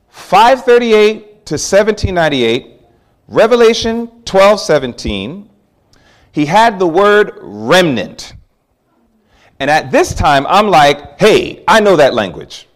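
A man preaching a sermon, telling a personal story with animated swings from hushed asides to loud exclamations. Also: high voice.

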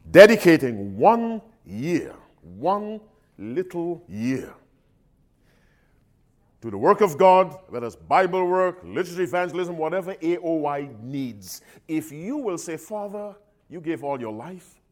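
A man preaching a sermon in an emphatic call-and-response style, swinging between loud appeals and soft asides. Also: fairly high pitch, big pitch swings, unhurried.

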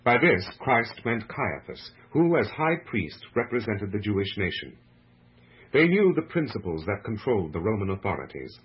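A man narrating a religious book with a slow, measured, solemn delivery, heard on a muffled lo-fi radio recording. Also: on the low side, very animated, breathy edge.

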